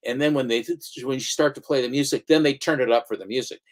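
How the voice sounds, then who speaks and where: This comic shop owner and channel host speaks at a quick pace, medium in pitch with a steady tone. In a casual comics chat, he rambles through stories, restarts frequently, makes asides, and puts on comic voices.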